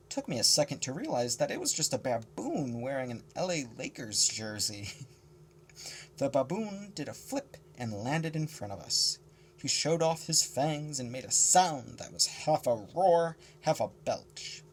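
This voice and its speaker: A man reading a novel aloud in a casual, expressive first-person narration, moving between character voices. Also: on the high side, a little hiss or hum. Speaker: audiobook reader.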